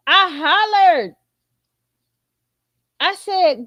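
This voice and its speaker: Woman ranting on her channel, aave, real blunt and cussing, kinda high voice. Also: expressive, slow, dry recording. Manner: blunt, incredulous, profane. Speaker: commentary channel host. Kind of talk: casual reaction commentary.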